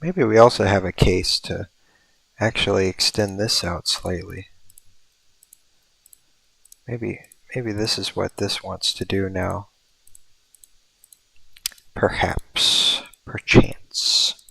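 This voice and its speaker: Slow, gravelly male streamer thinking aloud. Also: sits low, a bit bright, no room sound. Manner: playfully mock-mystical asides. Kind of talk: casual livestream commentary.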